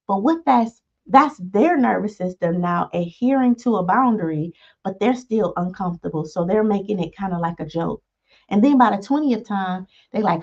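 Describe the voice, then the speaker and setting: A woman's voice: medium pitch, normal speed, creaky, darkish tone. A woman teaching a self-help lesson in a conversational way, often checking in with "right?" and acting out quoted exchanges. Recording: dull lo-fi sound.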